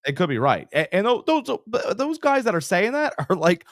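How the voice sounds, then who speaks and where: An animated man co-hosting a podcast tells sports stories in casual chat, acting out the quotes. His high-pitched voice moves at normal speed in a studio-quality recording with no room sound.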